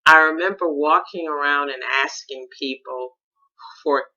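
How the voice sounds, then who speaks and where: Middle-aged woman, bright sharp tone, thoughtful searching monologue, slightly muffled lo-fi recording. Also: low-pitched, measured pace. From Chicago, USA. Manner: thoughtful, searching, with restarts and stressed key words. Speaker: podcast host. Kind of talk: reflective personal monologue.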